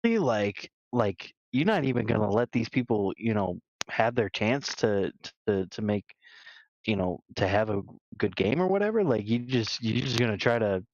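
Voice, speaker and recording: A man's voice: on the low side, animated, normal speed, darkish tone, no room sound. A man co-hosting a gaming podcast, talking casually in a rambling way, full of restarts and "you know.". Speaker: podcast co-host. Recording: dull lo-fi dry sound.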